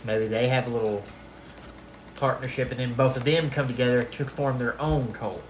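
A man co-hosting a casual podcast, laid-back as he pitches ideas and chimes in with short agreement. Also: fairly even intonation, moderate pace, echoey room, slight background noise. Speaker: podcast co-host.

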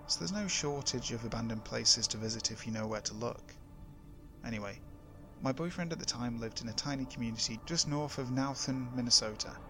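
A man reading first-person horror stories aloud in a measured, steady voice that drops low for suspense. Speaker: horror story narrator. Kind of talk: scripted horror narration.

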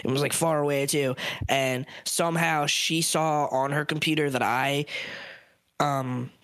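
A man's voice: a little high, fairly even intonation, measured pace, a bit bright, smooth, dry recording. A young trans man hosting a casual podcast chat, frank and profane, laughing often. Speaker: podcast host.

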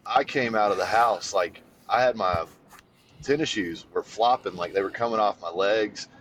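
Man, deep low voice, animated storyteller, cusses a lot, faint background hiss. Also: moderate pace. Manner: animated, swears freely, voice jumps high when excited. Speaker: podcast co-host. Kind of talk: casual storytelling chat.

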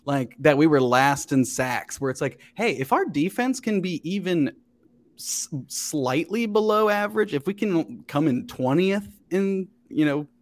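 Give me an animated man with a fairly high voice, chatting and swearing on a podcast. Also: measured pace. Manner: animated storyteller, swears freely. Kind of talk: casual chat.

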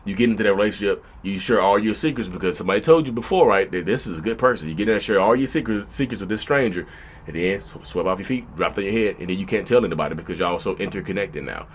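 A man, hosting a podcast in a casual, animated monologue. He rattles along at a brisk clip, talking straight to his listeners and slipping into quoted voices. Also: low-pitched, a little hiss or hum. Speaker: podcast host.

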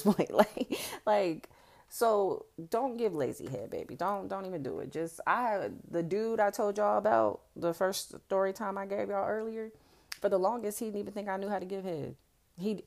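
A woman's voice: mid-range voice, animated, a little fast, gravelly, darkish tone. A young woman hosting a podcast, telling stories in a candid, casual way, blunt, profane and boastful. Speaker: podcast host.

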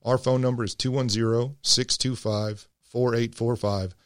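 A man, a financial advisor, explaining business transition in a steady scripted radio segment. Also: mid-range voice, moderate pace, no echo, studio quality.

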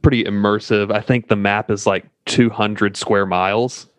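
A man co-hosting a podcast, talking bluntly with a provocative edge. His voice sits on the low side. The sound is dry, with no room in it. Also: fairly even intonation, normal speed, clean tone, dry recording. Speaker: podcast co-host. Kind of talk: casual podcast discussion.

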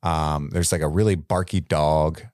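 A man's voice: extremely low pitch, steady tone, moderate pace, a little mellow, no room sound, clean studio sound. An American man co-hosting a podcast, chatting casually about a movie and jokingly acting out lines from its scenes. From United States. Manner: jokey, acts out quotes from scenes. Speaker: podcast co-host. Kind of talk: casual movie review chat.

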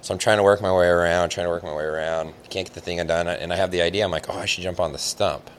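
Very deep-voiced man telling a rambling story. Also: fast, slight background noise. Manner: rambling, animated, heavy use of "like". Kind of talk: casual storytelling chat.

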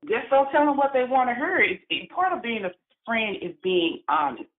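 A woman's voice: a little high, sing-song, normal speed. A woman in casual chat, speaking frankly and expressively. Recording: tinny phone-like line.

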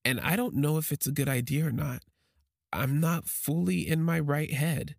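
A man telling a personal story on a podcast, halting and emotional, with many restarts. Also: on the high side, gravelly, no echo, studio quality.

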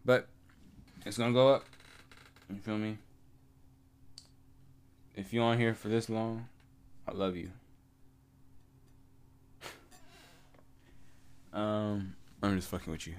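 A young man hosting a solo podcast, telling stories in laid-back, slang-heavy casual chat and laughing often. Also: fairly low pitch. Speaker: podcast host.

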